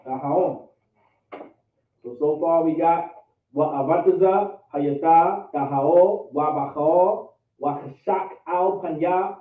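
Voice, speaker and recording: A man teaching a class, drilling vocabulary and pronunciation by repeating each word again and again, with an American accent, over an online call. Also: fairly high pitch. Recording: tinny, echoey, distant call audio.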